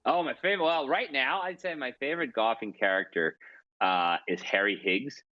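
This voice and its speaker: A man's voice: medium pitch, normal speed, no echo, highs cut off. A man in his forties, a columnist telling stories as a podcast guest, chatty and self-deprecating with frequent restarts. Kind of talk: casual storytelling interview.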